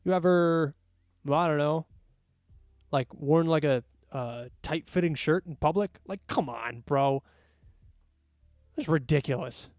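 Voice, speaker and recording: A man hosts a solo podcast and rants about sports in an animated, exasperated way, with mocking asides. His voice sits a little high. The mic is close and dry, with faint music underneath. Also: measured pace, long pauses, dry recording. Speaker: podcast host.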